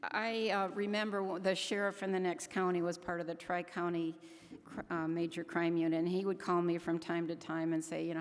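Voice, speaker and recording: An older woman gives an earnest conference talk, speaking haltingly and often restarting her sentences. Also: fairly low pitch, steady tone. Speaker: keynote speaker. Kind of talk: conference speech. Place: large conference hall. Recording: echoey hall.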